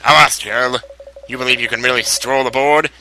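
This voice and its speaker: A man's voice: mid-range voice, steady tone, fairly quick, sharp tone, a little hiss or hum, poor audio. A man reading the lines of a proud, blustering male ship captain in a lofty, declaiming way.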